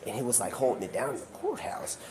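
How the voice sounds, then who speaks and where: A man's voice: medium pitch, wildly swooping pitch, quick pace, a crowd in the background. A man livestreaming from a car while driving, telling a rambling improvised story that keeps jumping between put-on voices and whispers. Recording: clear background noise.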